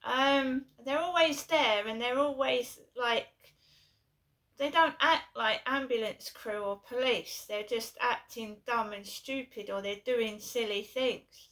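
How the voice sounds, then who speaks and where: A woman's voice: fairly high pitch, slow pace, a bit bright. A middle-aged woman from England telling a long personal story in a rambling way, repeating herself with many fillers and restarts. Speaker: vlogger.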